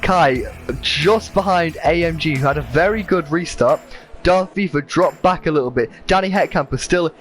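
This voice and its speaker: A man with a high voice calls a sim race lap by lap, keen and quick, his voice getting strained. Music runs faintly under his commentary. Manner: excited, fast play-by-play. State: losing his voice.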